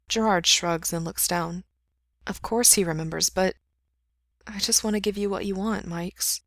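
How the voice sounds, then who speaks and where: A woman reading a story aloud in a steady, intimate way. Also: medium pitch, measured pace, no room sound, clean studio sound. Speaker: story reader. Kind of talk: reading fan fiction aloud.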